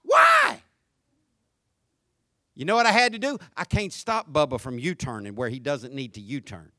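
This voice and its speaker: A man preaching a sermon as pastor, folksy and joking, swinging from shouts down to quiet, low talk. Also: animated, fairly quick, dry recording, clean studio sound. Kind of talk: conversational sermon.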